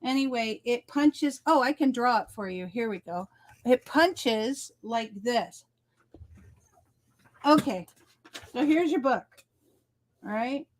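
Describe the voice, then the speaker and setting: A woman's voice: on the high side, expressive, slow, pauses often. A woman co-hosting a casual crafting livestream over a video call. She explains things step by step and keeps checking "okay?". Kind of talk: casual chat.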